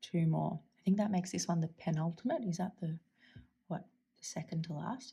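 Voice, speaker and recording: Australian woman host, casual chat, husky and mellow, enthusiastic with soft murmured asides. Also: on the low side, normal speed. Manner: chatty, enthusiastic, often drops to a soft near-whisper. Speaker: stationery channel host. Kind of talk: casual chat while swatching inks.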